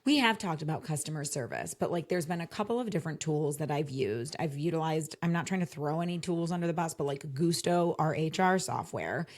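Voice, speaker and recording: A woman's voice: sits low, brisk, hardly any pauses, darkish tone. A young woman co-hosting a casual podcast, venting about service with bursts of laughter. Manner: vents with laughter, quotes others. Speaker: podcast co-host.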